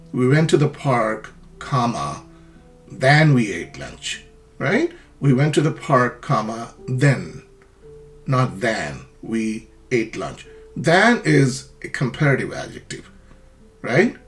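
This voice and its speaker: A man teaching an English grammar lesson, explaining patiently and acting out example sentences. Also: mid-range voice.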